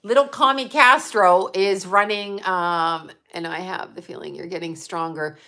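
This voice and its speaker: A woman's voice: fairly low pitch, fairly even intonation, unhurried, sharp tone. A middle-aged woman, a psychic medium, talking off the cuff to her viewers in a blunt, emphatic way, swearing freely. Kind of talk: casual livestream monologue.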